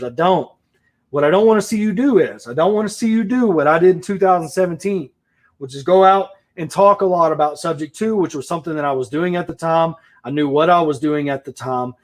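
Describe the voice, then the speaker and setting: Man, fairly high voice, blunt profane rant, emphatic and repetitive. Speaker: real estate investor. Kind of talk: profane opinion rant to camera.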